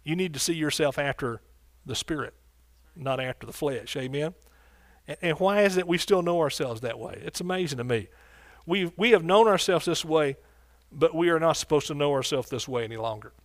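Pastor preaching with call-and-response. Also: male voice, a little high, lively intonation, fairly quick, no echo, clean studio sound. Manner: preacherly call-and-response, asks congregation questions. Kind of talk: sermon.

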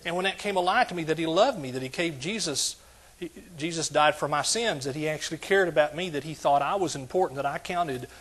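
A male pastor delivers a sermon with a slightly raised pitch. His voice is husky and a little breathy. He talks straight to the congregation and often swells into loud exclamations. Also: a little fast. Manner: preaching with call-and-response, rising to shouts.

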